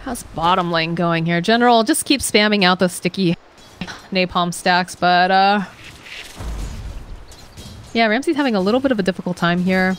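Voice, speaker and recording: A woman casting a live esports match, chatty and quick to laugh, acting out what the players might be thinking. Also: on the low side, slight background noise. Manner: chatty, laughs easily, acts out players' thoughts. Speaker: esports caster. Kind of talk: live play-by-play commentary.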